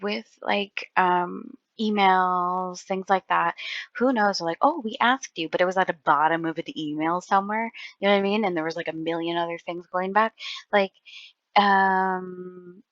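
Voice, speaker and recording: A woman's voice: fairly low pitch, fairly even intonation, normal speed, a bit bright, no echo, highs cut off. A woman giving casual reaction commentary, rambling and exasperated, with lots of filler words. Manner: rambling, exasperated, heavy use of "like".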